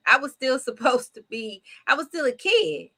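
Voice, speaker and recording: Bright woman in her fifties, testifying. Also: high voice, sing-song, moderate pace. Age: 50s. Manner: warm testimony, preachy encouragement. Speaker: co-host. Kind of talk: faith-based casual talk.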